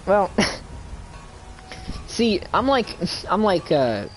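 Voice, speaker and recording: A man's voice: high-pitched, big pitch swings, extremely slow, faint music behind. A young man casually commenting while live-streaming a fantasy game, swearing and rambling with frequent laughter. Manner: profane, giggly, rambling.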